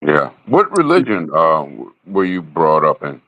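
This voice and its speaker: A man's voice: extremely low pitch, sing-song, measured pace, fairly bright tone, no echo, highs cut off. A man chatting with a host, answering briefly and asking short, interested questions. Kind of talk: casual chat.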